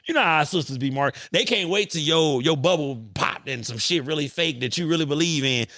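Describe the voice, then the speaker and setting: Animated, cursing man hosting a podcast. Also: on the high side, fairly quick, no room sound, clean studio sound. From United States. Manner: animated, profane storytelling. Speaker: podcast host. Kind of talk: casual podcast chat.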